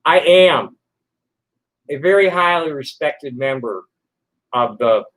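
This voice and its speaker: A man in his sixties with a notably high voice delivers a furious, expletive-laden rant straight to camera. He talks combatively at his critics, muttering one moment and shouting the next. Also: animated, slow pace. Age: 60s. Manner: combative, swears constantly, flares into shouting. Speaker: vlogger answering online critics. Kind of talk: angry profane rant to camera.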